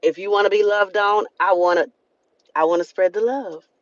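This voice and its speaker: A woman's voice: mid-range voice, steady tone, normal speed, no echo. A woman with a Southern US accent, hosting a live stream and giving an earnest, preachy motivational talk that repeats phrases for emphasis. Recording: dull lo-fi sound.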